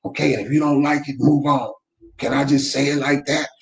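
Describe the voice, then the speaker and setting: A man running his company's weekly motivational talk from home, speaking fervently like a preacher and breaking into shouts. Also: mid-range voice, steady tone, brisk, creaky, echoey room, a little hiss or hum. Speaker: real estate company owner, host. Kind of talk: live faith-based motivational talk. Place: room at home. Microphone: camera mic.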